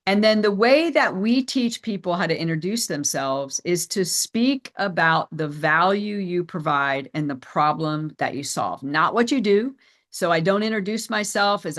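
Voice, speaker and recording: A middle-aged woman presenting a sales training as a business coach, energetic and emphatic, repeating her key phrases. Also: fairly low pitch. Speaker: business coach and company CEO.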